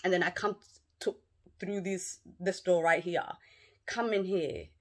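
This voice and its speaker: A woman's voice: fairly low pitch, a little slow. A woman with a British northern English accent telling a dramatic, swear-filled story in a casual vlog, filmed by a camera in her living room. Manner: animated, profane storytelling. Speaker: vlogger.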